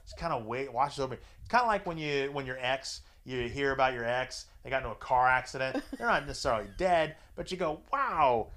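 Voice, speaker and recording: A man of middle pitch hosting a loose, casual chat. He tells his story bluntly and crudely, swears freely, and voices each person in the story himself. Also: animated, fast talker, few pauses, sharp tone, slight background noise. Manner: profane, crude and blunt, acts out dialogue. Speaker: podcast host.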